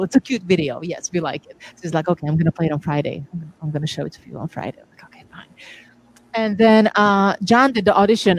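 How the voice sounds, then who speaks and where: A woman guest DJ with a lowish voice talks at a quick pace, with a little hiss or hum on poor audio. Her casual interview stories are animated, with quoted dialogue acted out and many restarts and laughs.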